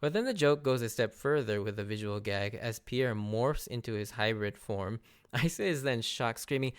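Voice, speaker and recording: A man's voice: mid-range voice, expressive, normal speed, clean tone. A man hosting a podcast, recapping anime episodes in a casual, enthusiastic way and laughing often. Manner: enthusiastic, laughs often, mimics character lines. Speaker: podcast host.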